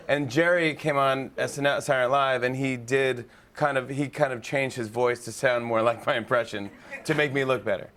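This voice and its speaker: A man chatting as a talk show guest, telling animated stories with many quick restarts. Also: mid-range voice. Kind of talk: casual chat.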